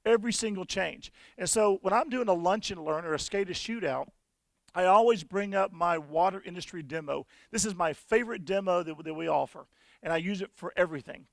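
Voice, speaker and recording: A man presenting at a conference and demoing software, telling folksy stories with frequent restarts. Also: high-pitched, a little fast, vocal fry, no room sound. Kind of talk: conference talk with software demo.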